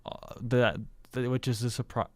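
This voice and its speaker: A man's voice: medium pitch, level tone, moderate pace, no echo. A man hosting a racing podcast from a studio, trading joking, mock-defensive banter with his co-host. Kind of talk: casual racing podcast chat.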